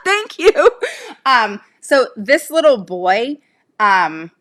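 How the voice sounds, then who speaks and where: Speaking in a mid-range voice with a sharp tone, a special education advocate chats casually with her livestream viewers. She fires rhetorical questions with emphatic indignation.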